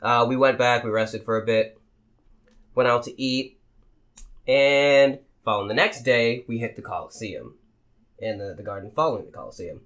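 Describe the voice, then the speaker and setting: This young American co-host has a medium-pitched voice, a moderate pace and frequent pauses as he shares a travel story on a casual podcast. Animated and heavily profane, he acts out what others said.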